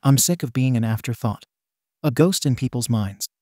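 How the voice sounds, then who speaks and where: A man's voice: mid-range voice, normal speed, darkish tone, no room sound, clean studio sound, natural voice. A man voicing a bitter, scarred young male villain confronting his father in a fan fiction reading, menacing and accusing.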